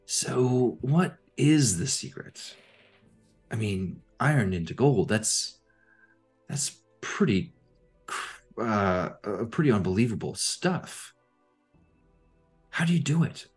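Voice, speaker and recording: Figure: innkeeper woman, done by a man. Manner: slow and curious. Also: rumbling low, lively intonation, darkish tone, soft background music, heavily acted. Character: curious small-town innkeeper woman, hushed and wary. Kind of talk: tabletop role-play voicing.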